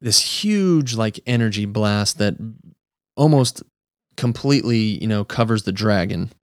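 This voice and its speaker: A man's voice: on the low side, animated, unhurried, no room sound, studio quality. A man hosting a podcast, chatting enthusiastically about a comic book issue with a guest. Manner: enthusiastic, chatty, lots of "like" and "dude". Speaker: podcast host. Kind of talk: casual comic book review chat.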